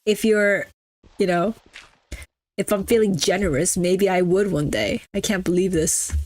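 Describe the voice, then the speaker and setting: A woman's voice: medium pitch, unhurried, a little mellow, no echo. A young adult woman streaming a game, chatting casually and teasing her chat with mock-snobby banter. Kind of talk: casual live-stream chatter while gaming.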